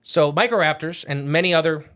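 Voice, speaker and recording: A man's voice: fairly high pitch, a little fast, a bit bright. Rambling male podcast co-host. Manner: rambling, self-correcting, jokey. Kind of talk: casual podcast chat.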